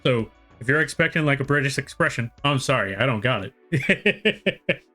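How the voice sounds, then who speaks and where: A man's voice: mid-range voice, animated, moderate pace, bright, forceful tone, faint music behind. A young American man chatting casually with his viewers during a live drawing stream, rambling and poking fun at himself. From United States. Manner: rambling, self-deprecating, chats with viewers. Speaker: art streamer.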